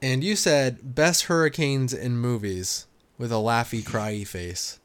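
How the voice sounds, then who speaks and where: A man's voice: mid-range voice, slow, clear, resonant tone. Wry, joking male podcast co-host. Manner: wry, laughs often, loose joking tone. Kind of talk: casual chat.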